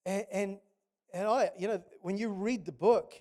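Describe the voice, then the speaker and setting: A man's voice: high-pitched, fairly even intonation, moderate pace, dark tone. A man preaching a sermon, telling stories with passion and frequent restarts. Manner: impassioned, storytelling with many restarts.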